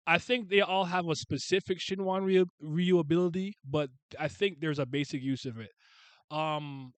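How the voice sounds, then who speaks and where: A man giving casual reaction commentary as a video host, excitable and often laughing and swearing. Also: mid-range voice, dry recording.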